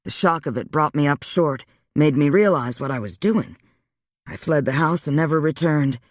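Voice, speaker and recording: A man voicing a weary, wry male vampire, speaking low and subdued in a dry audiobook reading. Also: normal speed, dry recording, natural voice. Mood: rueful.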